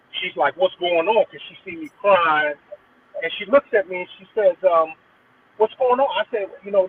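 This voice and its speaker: A middle-aged man, a guest DJ, telling a personal story in an earnest, rambling way with frequent restarts. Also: on the high side. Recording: tinny phone line with faint noise.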